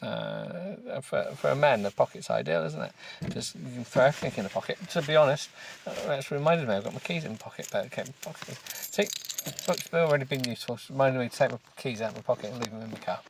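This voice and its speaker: A British man hosting a comedy podcast, grumbling and rambling as he reads a book aloud with deadpan, self-mocking remarks. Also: medium pitch, fast, vocal fry, hardly any pauses, a little hiss or hum. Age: adult with children. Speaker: podcast host.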